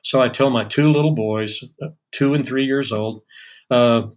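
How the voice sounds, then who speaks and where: A man's voice: mid-range voice, normal speed. A man in his sixties, a session drummer, telling stories in an interview with many fillers and restarts. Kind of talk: storytelling in a podcast interview.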